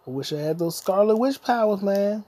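A young adult man hosting a podcast delivers a solo comedy rant full of profanity and insults, mock-lecturing the listener. His high, expressive voice is mellow and moves at normal speed.

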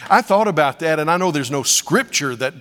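A middle-aged male preacher delivering a sermon through story, his voice sitting a little high. He moves from soft, hushed lines to sudden loud cries. The sound carries a long reverb, like a large hall. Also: lively intonation, a little fast. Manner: storytelling preacher, dramatic swings between hushed and shouted.

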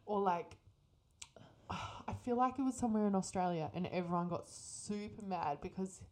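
A woman's voice: medium pitch, normal speed. A young woman co-hosting a podcast, chatting casually with lots of fillers. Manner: casual fan talk with fillers. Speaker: podcast co-host. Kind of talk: casual chat.

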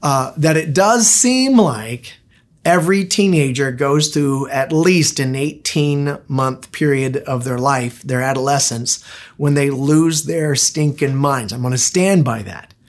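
A man's voice: medium pitch, unhurried. Middle-aged male pastor, conversational storytelling sermon delivery. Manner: conversational, anecdotal, with restarts.

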